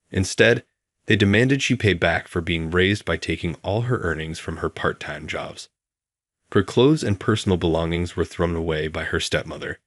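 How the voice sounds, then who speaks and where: A man calmly narrating a scripted first-person story as the channel's storyteller. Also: deep voice, dry recording, studio quality.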